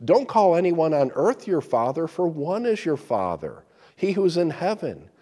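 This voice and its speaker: A man's voice: fairly high pitch, big pitch swings, unhurried, mellow, big-room sound. A man preaching a sermon as pastor, emphatic and often repeating words as he restarts.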